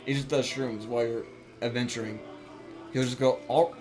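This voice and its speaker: A young man streams a game from home, chatting in a relaxed, rambling way. His voice sits in an ordinary middle pitch. Music plays clearly behind him. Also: normal speed. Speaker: live streamer. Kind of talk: casual chat while gaming.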